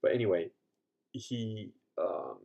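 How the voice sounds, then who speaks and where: This podcast host has a low, creaky, mellow voice with a sing-song lilt, speaking slowly over lo-fi sound. Worn out after a long day standing and suffering leg cramps, he rambles through a casual livestream, swearing and laughing a lot.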